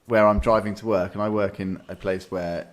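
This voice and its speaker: A man's voice: fairly low pitch, steady tone, moderate pace. A man co-hosting a casual podcast, telling an anecdote with swearing and quoted dialogue. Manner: swearing, storytelling with acted quotes. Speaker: podcast co-host. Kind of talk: casual chat.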